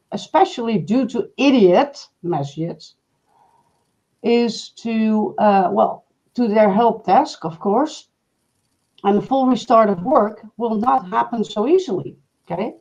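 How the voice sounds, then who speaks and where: A woman's voice: fairly high pitch, darkish tone. Woman co-host, direct and matter-of-fact, heard over a dull lo-fi line. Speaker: co-host answering viewer questions. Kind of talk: live stream Q&A.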